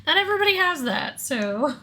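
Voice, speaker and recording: Woman, stream host, bubbly, laughs a lot, high bright voice. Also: big pitch swings, moderate pace, a little hiss or hum. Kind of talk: casual live-stream chat.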